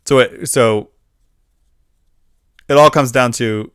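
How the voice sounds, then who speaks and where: A man co-hosting a podcast in casual chat, making quick wry, joking remarks. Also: mid-range voice, a bit bright, smooth, no echo, studio quality. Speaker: podcast co-host.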